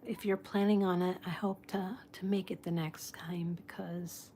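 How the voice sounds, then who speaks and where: A woman hosting a casual live chat with her viewers, soft-spoken and apologetic, greeting people and laughing often. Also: lowish voice, fairly even intonation, normal speed, slight background noise. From United States. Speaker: livestream host.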